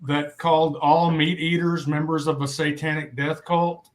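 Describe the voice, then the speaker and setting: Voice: mid-range voice, little pitch movement, moderate pace. A live-stream host with a mid-range voice asks pointed questions and keeps prodding the guest. The delivery stays conversational and direct. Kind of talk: live chat.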